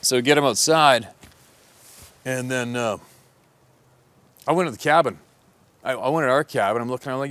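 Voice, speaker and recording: A man's voice: medium pitch, moderate pace, long pauses, fairly bright tone, dry recording. A man who works as a hunting guide telling a story in a casual, profane, rambling way.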